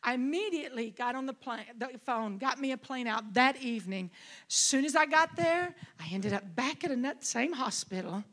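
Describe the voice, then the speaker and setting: A middle-aged woman pastor preaching a sermon, telling a personal story with rising emotion and shouting. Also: high-pitched, lively intonation, moderate pace. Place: conference hall.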